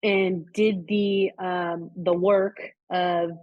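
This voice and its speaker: Low-voiced woman chatting casually. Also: level tone, extremely slow, no room sound. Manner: rambling, many likes and restarts. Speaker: podcast co-host. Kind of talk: casual spiritual chat. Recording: dry, slightly dull sound.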